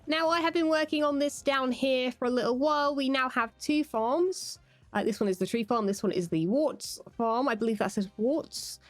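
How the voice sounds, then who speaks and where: A woman's voice: fairly high pitch, dry recording. A British woman giving casual, playful gameplay commentary as a Minecraft YouTuber. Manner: chatty and playful.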